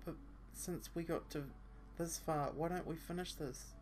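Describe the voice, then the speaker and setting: A shy but determined teenage schoolgirl from a visual novel, put on by a man reading aloud, pleading through the pain in a raised, soft voice. She speaks slowly and tenderly. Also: a little high, steady tone, faint music behind, pitched above the performer's own voice, lightly acted. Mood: tearful. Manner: pained, pleading.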